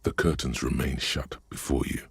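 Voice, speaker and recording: Game narrator, brooding and ominous: very deep, gravelly, husky, dry close sound. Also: male voice, little pitch movement, normal speed, no room sound, full character voice. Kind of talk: video game voice acting.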